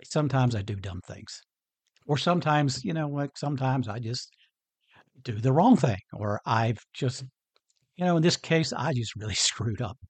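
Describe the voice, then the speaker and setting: A husky-voiced man talks through a motivational podcast episode in an earnest, conversational way and chuckles often. His pitch moves a lot from one phrase to the next. The sound is dry and close, with no room around it. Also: animated, normal speed, no echo. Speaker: podcast host. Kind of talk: motivational solo podcast talk.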